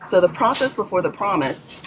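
A woman hosting her own channel, giving a rambling spiritual teaching in a hoarse morning voice from a cold room, often stopping to thank the Holy Spirit. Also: lowish voice, expressive, a little fast, background noise. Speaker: channel host.

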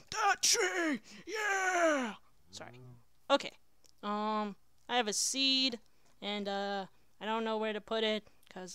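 A woman's voice: mid-range voice, bright, forceful tone, clear, resonant tone, dry recording. A woman giving casual gameplay commentary, chatty and talking to herself with sudden exclamations. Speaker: let's player.

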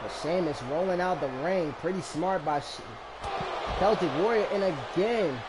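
A man commentating a wrestling match as a fan, emotional and shouting at the action. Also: sits high, moderate pace, very noisy. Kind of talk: excited fan commentary on a video game match.

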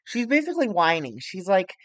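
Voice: mid-range voice, unhurried, clear, resonant tone, no room sound. Profane, rambling game streamer. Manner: rambling and profane, retells storylines. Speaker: streamer booking a wrestling sim. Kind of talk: casual live-stream commentary.

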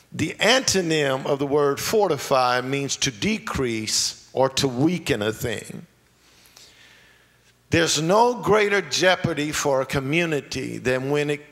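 A pastor preaching a sermon, moving between quiet asides and shouted lines, laughing along the way. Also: male voice, mid-range voice. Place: church sanctuary. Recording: long church hall reverb, faint ambience.

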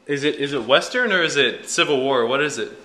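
Bright-voiced young man rambling on a vlog. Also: mid-range voice, animated, a little fast, a little hiss or hum. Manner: rambling, jokey and self-mocking, with many fillers. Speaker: vlogger. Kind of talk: casual vlog chat.

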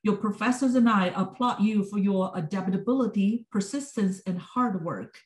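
A woman's voice: medium pitch, moderate pace, a little mellow. Woman speaking in a roomy office. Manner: earnest, with small restarts. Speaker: program coordinator. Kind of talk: prepared commencement speech.

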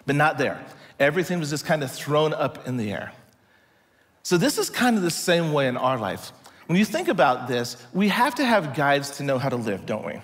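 Animated man preaching in a reverberant hall. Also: on the high side. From United States. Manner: animated storyteller acting out dialogue. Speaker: pastor. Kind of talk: storytelling sermon. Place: church hall.

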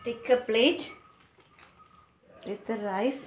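A woman's voice: medium pitch, takes it slowly, pauses often, very noisy. A woman making a casual cooking vlog at home, chatty and laughing at her own mistakes. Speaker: cooking vlogger. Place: home kitchen. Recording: home kitchen with clattering dishes.

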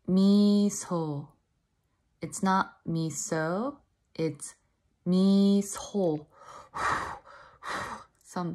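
A woman teaching pronunciation at a very unhurried pace, saying every sound clearly. She speaks in a low-set voice and repeats each syllable patiently so that learners can follow. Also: fairly bright tone. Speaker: language teacher. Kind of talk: slow pronunciation lesson.

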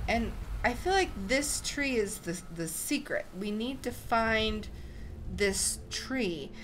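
Excitable woman gaming YouTuber, slow talker. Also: on the high side. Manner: excitable, gasping, thinking aloud. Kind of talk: let's play commentary.

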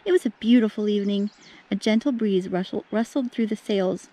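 A woman teacher reading a picture storybook aloud to children in an animated way, stopping to speak to the kids directly. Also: mid-range voice, fairly quick. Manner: animated, talks to the kids between passages.

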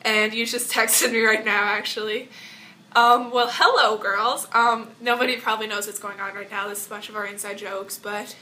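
A teenage girl vlogging from her bathroom, rambling warmly through a birthday message to her best friend with lots of fillers. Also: mid-range voice, level tone, normal speed. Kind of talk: casual birthday message vlog. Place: home bathroom, indoors.

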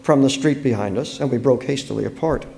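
An author from the United States giving an expressive, dramatic public reading of his own fiction at a book fair. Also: mid-range voice, fast talker, creaky.

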